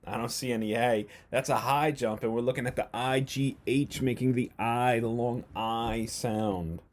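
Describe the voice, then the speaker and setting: A man's voice: mid-range voice, steady tone. Man teaching phonics to young children. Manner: slow, clear, sounding out letters with exaggerated questions. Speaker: first grade teacher. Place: at home.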